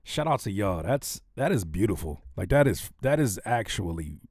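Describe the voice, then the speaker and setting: Jokey male streamer host, lively, dry close-mic sound. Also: lowish voice, normal speed, dry recording. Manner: playful, joking, animated, sound-effect mimicry. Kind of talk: casual livestream chat.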